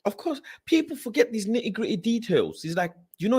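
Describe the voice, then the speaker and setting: A man hosting a casual football talk channel, speaking in an animated, repetitive way and growing loud when he gets heated. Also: high voice, brisk, hardly any pauses, breathy edge.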